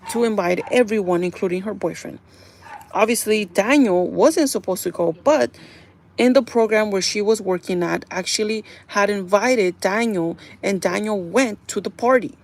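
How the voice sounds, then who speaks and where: A woman hosts a casual livestream, chatting straight to her viewers as she recaps a show and slips into quick bits of dialogue for the characters. Her mid-range voice carries a steady gravelly fry. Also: mid-range voice. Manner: chatty, addresses viewers as "you guys"; acts out characters' lines in quotes. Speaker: livestream host.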